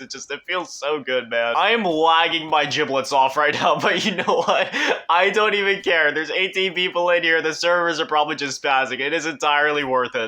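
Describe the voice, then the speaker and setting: Bright-voiced excitable young gaming YouTuber. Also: male voice, fairly high pitch. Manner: excitable, emotional, rambling with restarts. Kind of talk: casual gameplay commentary.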